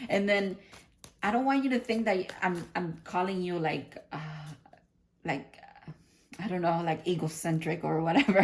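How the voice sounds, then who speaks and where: A woman's voice: on the low side, unhurried, darkish tone. A woman giving a casual spiritual tarot card reading, chatty and giggly, thinking aloud and often restarting her sentences. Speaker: tarot reader.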